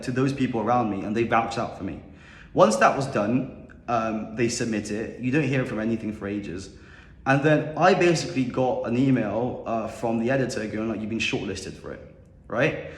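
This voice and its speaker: Confident young man in an echoey room. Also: medium pitch. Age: young adult. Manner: animated, confident, rambling. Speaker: podcast guest. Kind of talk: casual storytelling. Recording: echoey room with long reverb.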